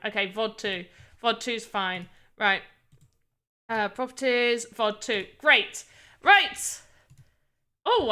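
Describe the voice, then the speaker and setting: Bright-voiced tired British woman streamer. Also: fairly high pitch. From Britain. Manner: rambling, self-deprecating, often restarts words. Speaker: livestreamer. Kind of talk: casual live-stream chat.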